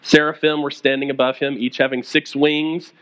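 In a chatty sermon, a pastor recounts stories and acts out the quoted speakers. His mid-range male voice is flat and somewhat bright, moving at a moderate pace, and the audio quality is poor.

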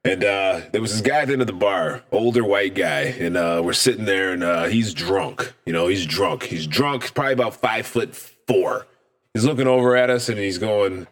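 A man's voice: lowish voice, brisk, fairly bright tone. A man from Michigan co-hosting a podcast, telling a bar story in casual, profane chat and laughing often. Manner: profane, laughing storyteller who acts out voices in quotes. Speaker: podcast co-host.

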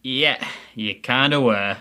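An actor playing a dry, teasing young neighbor from Adelaide in an audio drama. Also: male voice, mid-range voice, slow, sharp tone, clean tone. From Adelaide, Australia.

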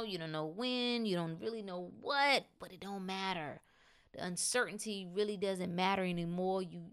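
A woman giving a motivational monologue, preachy and emphatic, rising to loud exhortations. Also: fairly low pitch, gravelly. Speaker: motivational speaker.

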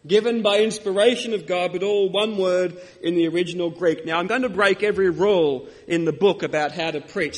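A man's voice: high-pitched, in a large hall. A man preaching a sermon in a church, teaching and putting questions to the congregation.

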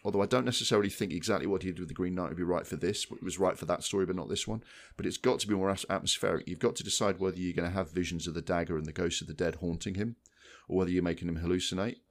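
A man with a deep voice talks very fast as co-host of a film podcast. He goes on at length in casual chat, animated and rambling, with many restarts and repeated words.

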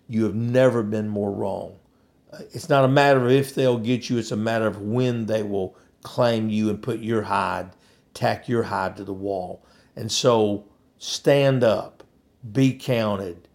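A man's voice: mid-range voice, darkish tone. A man delivering an emphatic, preachy opinion monologue, hammering points with repetition.

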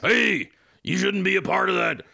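A man's voice: high voice, animated, normal speed, vocal fry, voice pushed up, full character voice. A man doing a barking drill sergeant. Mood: barking orders. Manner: loud barked orders. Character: gruff barking male drill sergeant cartoon hero.

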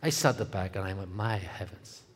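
A middle-aged man with a Northern Irish accent, a guest speaker telling his testimony in a comic, animated way, dropping to a hush and rising loud. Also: low-pitched, rapid-fire, a little hiss or hum. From Northern Ireland. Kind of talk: testimony storytelling.

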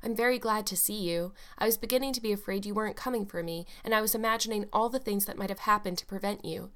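A talkative, imaginative eleven-year-old orphan girl in a storybook, as a woman narrator puts her on. Her voice is clear and sweet, and she rambles on breathlessly, one eager thought after another, at a middling pitch. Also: quick pace, a bit bright, close to an everyday voice.

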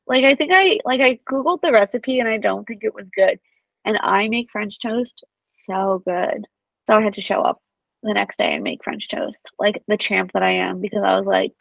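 A young woman co-hosts a podcast, chatting casually and acting out quotes as an animated storyteller. Her voice is mid-range and moderately paced with vocal fry, on a dry, low-quality recording.

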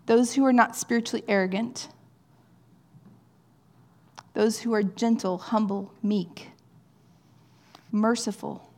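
A woman preaching in a relaxed, conversational way, her voice sitting a little high. She keeps checking in with the room and now and then sinks to a hushed, almost whispered tone. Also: slow pace, pauses often. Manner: earnest, often checks in with "right?"; drops to soft, near-whispered phrases at times. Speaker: pastor. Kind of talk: conversational sermon.

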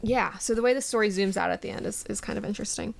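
A woman's voice: mid-range voice, fast talker, creaky, slight background noise. A woman hosting a podcast, chatting casually about a book, laughing easily and reading passages aloud. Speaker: podcast host. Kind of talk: casual book discussion chat.

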